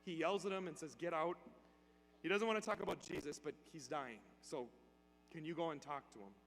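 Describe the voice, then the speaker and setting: A priest doing an earnest, pleading nun. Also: male voice, fairly high pitch, a little fast, fairly bright tone, soft background music. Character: pleading nun in full habit. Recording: church hall reverb, faint hum.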